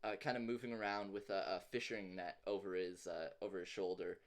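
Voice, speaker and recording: A man's voice: deep voice, level tone, brisk. A man narrating a tabletop game as game master, describing scenes loosely with many fillers.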